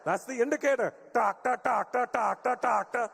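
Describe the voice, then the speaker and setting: A man voicing an exasperated older Indian immigrant father with an Indian accent, stubborn and shouting back. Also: very high-pitched, moderate pace, creaky, breathy edge, voice pushed up, heavily acted. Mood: indignant. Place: live comedy venue. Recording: long venue reverb.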